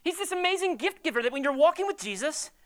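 A woman preaching a sermon in a conversational, animated way, with jokey asides. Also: high-pitched, fast.

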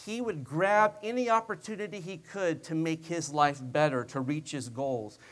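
A man preaching a sermon in a high voice, retelling the story in a relaxed, conversational way. He slips joking asides in among the narration and talks to his listeners as if chatting with them. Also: moderate pace.

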